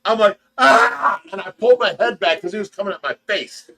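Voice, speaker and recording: Animated high-voiced storytelling man. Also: quick pace. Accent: Midwestern American. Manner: animated, shouts and mimics in the telling. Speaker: show host telling a story. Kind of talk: casual livestream storytelling.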